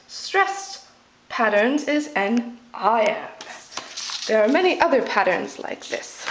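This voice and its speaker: A woman teaching how to scan poems, slow and deliberate, with playful asides as she sounds out each stress. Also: on the high side, echoey room. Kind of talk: explaining poetry scansion.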